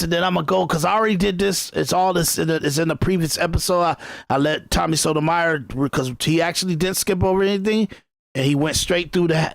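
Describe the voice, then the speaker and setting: A man's voice: fairly high pitch, vocal fry, no echo. A male podcast host giving rambling, irritated commentary on clips, with restarts and repetition. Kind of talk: casual commentary reacting to clips.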